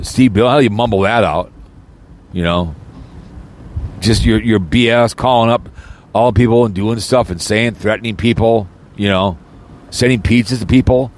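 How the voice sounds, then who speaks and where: A man's voice: mid-range voice, a little hiss or hum. A man delivers an angry, rambling audio rant with a mid-range voice. He loops back over his words, restarts sentences and slips into mocking sarcasm. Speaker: channel host. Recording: audio recording, no video.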